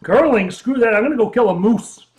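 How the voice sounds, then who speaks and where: A man who is a guest comedian, trading quick deadpan quips in a casual chat on a sofa at home. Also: extremely high pitch. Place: home living room, on a sofa.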